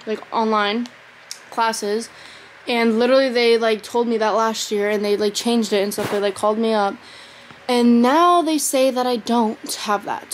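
A teenage girl with a somewhat high voice vlogs at home on her phone camera in casual chat, sounding exhausted and rambling with lots of fillers. The audio is poor, with slight background noise.

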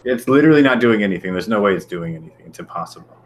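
A man's voice: on the low side, expressive, rapid-fire, a little hiss or hum. A man co-hosting a casual show, talking bluntly and swearing constantly as he rants. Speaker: show co-host. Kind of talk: casual profane chat.

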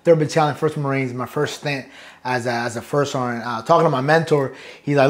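A middle-aged man from New York sits as an interview guest and tells his stories in a relaxed, talkative way. He swears easily, laughs, and voices the people he quotes. His voice sits at an ordinary middle pitch for a man. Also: fast talker. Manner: animated, profane, acts out quotes with laughs. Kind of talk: casual storytelling interview.

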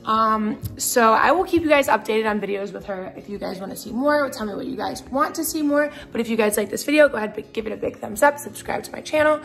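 A woman's voice: a little high, quick pace, creaky, few pauses, fairly bright tone. A woman vlogging casually to her viewers, chatty and slipping into gushing baby talk with a puppy, at home and out on a farm. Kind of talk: casual vlog chat.

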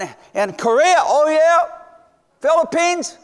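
A man's voice: high-pitched, lively intonation, moderate pace. A man in his seventies, a visiting missions preacher telling stories in a folksy sermon, stumbling over restarts and breaking into joyful whoops. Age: 70s. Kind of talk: storytelling sermon. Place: church sanctuary. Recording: long church reverb.

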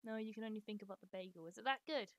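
A woman casually commenting while she streams a life-sim game, chatty and sweary, talking to her characters and breaking into excited squeals. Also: medium pitch, rapid-fire, dry recording. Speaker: live streamer.

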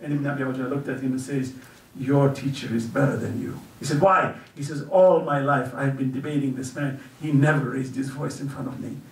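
A man giving an earnest storytelling religious lecture at a community celebration, dropping low and soft whenever he quotes someone. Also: steady tone, brisk. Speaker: guest speaker at a religious celebration. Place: community center hall at an event. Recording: echoey hall picked up from far off.

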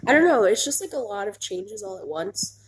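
A woman's voice: medium pitch, expressive, fairly quick, a little hiss or hum. A young woman, stuffy and nasal from a cold, chatting casually to her viewers in a rambling way full of ums and likes. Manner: rambling, lots of ums and likes, laughs easily. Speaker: vlogger. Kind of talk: casual chat.

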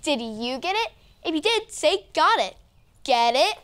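A woman hosting a children's church show, bright and playful, talking straight to the kids. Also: high-pitched, sing-song, moderate pace.

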